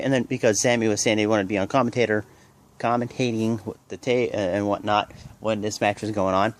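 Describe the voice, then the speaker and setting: This is a fairly quick, steady-toned play-by-play recap of a wrestling show, delivered casually and ramblingly by a man who leans on "and then" and "pretty much." He still jumps into higher bursts for the big moves.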